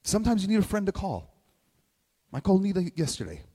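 A man's voice: high voice, wildly swooping pitch, fast talker, dark tone, slightly rough. Man preaching in an echoing hall. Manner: conversational, keeps asking "right?"; emotional, near tears at times. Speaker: pastor. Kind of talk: sermon. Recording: long hall reverb.

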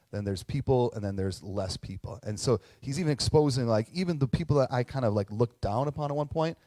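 A man preaching in a casual, animated way, often checking in with tag questions. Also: medium pitch, dry recording. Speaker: pastor. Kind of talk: conversational sermon.

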